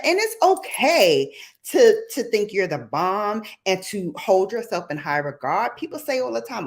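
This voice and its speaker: A middle-aged woman, hosting a casual livestream chat in a sassy, animated way that jumps to squeals. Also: medium pitch, a little slow. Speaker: livestream host.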